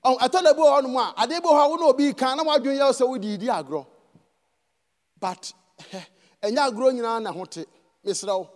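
A man's voice: extremely high pitch, normal speed, big-room sound. A man with a Ghanaian accent preaching a sermon in a church, switching between English and Twi and prompting the congregation to answer. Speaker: pastor.

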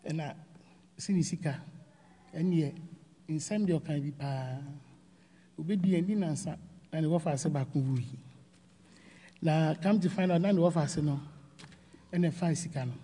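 Husky Ghanaian woman preaching in a hall. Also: lowish voice, mellow. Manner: emphatic, repeats phrases for stress. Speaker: church elder preaching. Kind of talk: sermon.

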